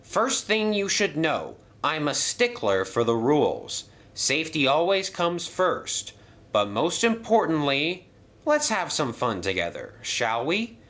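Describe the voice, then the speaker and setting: A man's voice: on the high side, huge pitch swings, takes it slowly, a bit bright, pitched above the performer's own voice, full character voice. A man voicing a polite, fussy lanky male railway controller who sticks to the rules. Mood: brisk. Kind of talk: toy train story voice acting.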